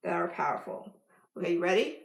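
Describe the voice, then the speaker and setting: A woman's voice: lowish voice, animated, fast, creaky. A woman life coach giving an emphatic motivational vlog talk, laughing often. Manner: bursts into loud yelled affirmations. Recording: echoey room.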